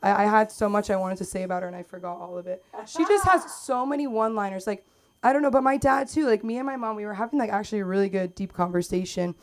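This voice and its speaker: A woman's voice: medium pitch, fast. A young woman doing a stand-up set on a comedy club stage, chatty and rambling, acting out quotes. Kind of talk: stand-up set at an open mic. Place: comedy club stage under bright lights.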